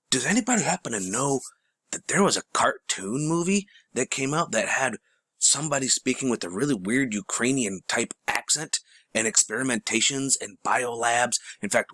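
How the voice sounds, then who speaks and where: A man's voice: mid-range voice, fairly bright tone, no room sound, studio quality. A man hosting a rambling commentary show, talking casually to his viewers and calling them folks.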